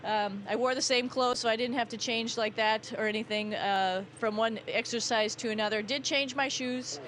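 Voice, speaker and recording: Boston lady astronaut, chatty and relaxed, kinda high voice, low hiss in the background. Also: normal speed. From New England, USA. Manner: chatty, relaxed, with many fillers. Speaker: astronaut on the space station. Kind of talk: live downlink interview answers.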